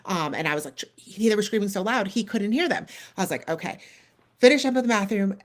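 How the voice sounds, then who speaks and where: A woman in her thirties hosting a podcast, telling a long story in a casual, animated way, full of "like" and acted-out dialogue. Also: mid-range voice, fast talker. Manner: animated, lots of "like" and quoted dialogue. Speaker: podcast co-host.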